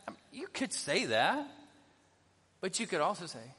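A man's voice: high-pitched, sing-song, normal speed, sharp tone, slightly rough. A middle-aged male pastor giving a conversational sermon, often asking the congregation questions. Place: church sanctuary. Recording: long reverb of a church hall.

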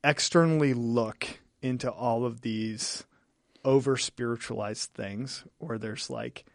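A man, a pastor, chatting on a podcast in an earnest, halting way with frequent restarts. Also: mid-range voice, no echo, clean studio sound. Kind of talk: casual podcast chat.

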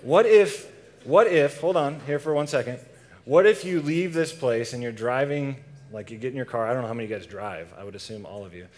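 A young man delivers a relaxed sermon to a youth group at a medium pitch. He talks conversationally and keeps tossing questions out to the audience. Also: a little fast. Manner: casual, asks the audience questions.

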